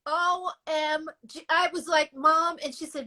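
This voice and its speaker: A female guest singer shares her story in an interview with blunt, emotional animation and some cursing. She speaks in a high voice at a measured pace.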